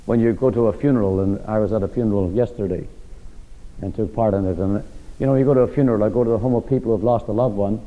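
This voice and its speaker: A man preaching to a Bible class, moving between hushed tender lines and rising, ringing emphasis, with slow drawn-out phrasing. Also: fairly low pitch, fairly even intonation, long reverb tail, phone-quality sound. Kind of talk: sermon.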